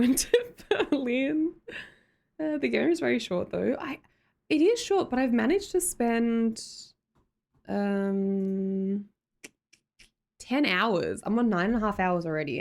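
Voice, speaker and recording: A young Australian woman hosting a livestream, chatting casually with viewers and reading their comments, giggly and full of fillers and self-corrections. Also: medium pitch. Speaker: livestream host.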